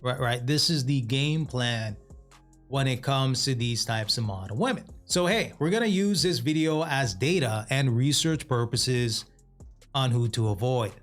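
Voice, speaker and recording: A man in the middle of the pitch range delivers reaction commentary, mocking and lecturing as he fires off rhetorical questions. Faint music plays underneath his voice. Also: unhurried. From North America. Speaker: reaction video host. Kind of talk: commentary on clips.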